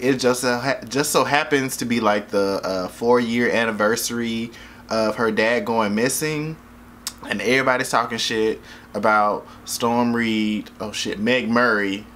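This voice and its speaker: Man, movie review vlog, rambling, profane, jokey, bright voice, faint background noise. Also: medium pitch.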